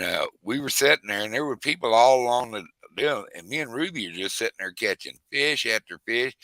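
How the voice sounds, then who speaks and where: A man's voice: fairly low pitch, vocal fry, sharp tone, dry recording, rough recording. A man telling a rambling fishing story in casual chat, with lots of restarts. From Texas. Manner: rambling, drawling, many restarts.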